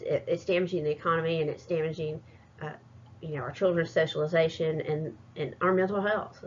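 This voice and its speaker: A fairly low-voiced woman talks through a class presentation, hesitating often and stopping to restart. The recording is muffled and lo-fi. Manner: hesitant, many fillers and restarts. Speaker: student presenter.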